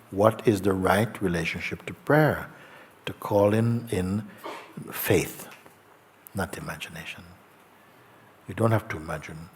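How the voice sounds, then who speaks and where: Slow, soft-spoken man giving a spiritual talk. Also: low voice. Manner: slow, gentle, soft-spoken with long pauses. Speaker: spiritual teacher. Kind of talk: satsang talk, reading a letter aloud. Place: outdoor gathering with faint ambience.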